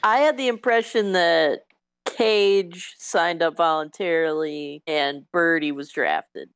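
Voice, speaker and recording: A woman's voice: on the low side, slow, smooth, no room sound. A woman co-hosting a podcast, making dry, wry remarks in casual chat. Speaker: podcast co-host.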